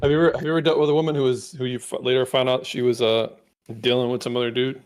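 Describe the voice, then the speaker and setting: A man's voice: medium pitch, level tone, very fast. Blunt, opinionated man co-hosting. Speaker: co-host reacting to a video. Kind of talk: casual chat.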